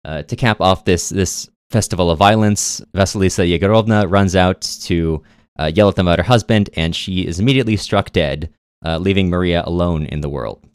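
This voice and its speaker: A man's voice: deep voice, fairly quick, clear, resonant tone, no echo. A man co-hosting a podcast, casually retelling a novel's plot with wry, dry asides. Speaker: podcast co-host. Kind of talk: casual book recap.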